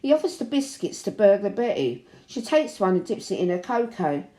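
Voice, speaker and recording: A woman reading a children's picture book aloud in an expressive, animated way. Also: mid-range voice, brisk. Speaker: storybook reader. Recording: roomy echo.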